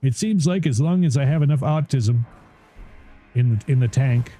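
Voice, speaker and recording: A man's voice: mid-range voice, normal speed, warm tone, husky, faint music behind. A man streaming a game live, chatting casually in a rambling way, swearing and laughing often. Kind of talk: casual live gameplay chat.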